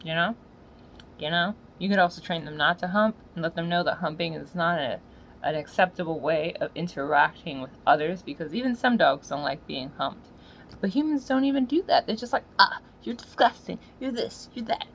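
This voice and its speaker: A woman ranting in a profane, slangy monologue, swinging from low muttering to loud yelling. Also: brisk, a little hiss or hum, rough recording. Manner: swears constantly, slangy. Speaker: solo podcaster.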